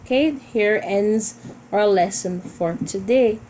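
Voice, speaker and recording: A woman's voice: medium pitch, takes it slowly, mellow, a little hiss or hum, low-quality recording. A woman teacher giving a recorded grammar lesson, explaining patiently and repeating key points for her students.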